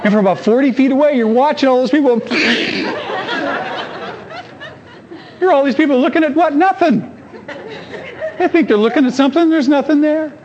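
A man's voice: extremely high pitch, fast talker, a crowd in the background. A man preaching a sermon, telling stories with acted-out voices and asking rhetorical questions. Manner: animated storytelling, acts out voices, rhetorical questions. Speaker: pastor. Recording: dull lo-fi sound.

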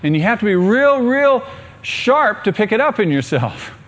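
Middle-aged guy pastor preaching, voice on the high side, swings up and down a lot, gets fired up asking the congregation stuff. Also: moderate pace. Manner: animated, rising to excited calls and questions to the congregation. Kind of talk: sermon.

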